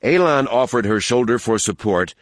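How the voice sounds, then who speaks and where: A man narrating an audiobook in a steady, measured storytelling manner on a close mic. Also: mid-range voice, dry recording. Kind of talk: scripted narration.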